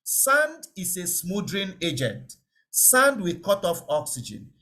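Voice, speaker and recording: A man's voice: high voice, big pitch swings, measured pace, pushed and bright. A man giving an online safety lecture, explaining step by step, repeating key words and checking that listeners understand. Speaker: safety trainer.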